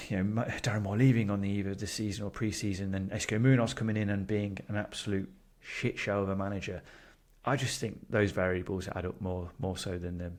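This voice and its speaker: Bloke on a football podcast, lowish voice, pushes his point hard but keeps joking. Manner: argumentative, emphatic, jokey. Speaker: podcast co-host. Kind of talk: casual football chat.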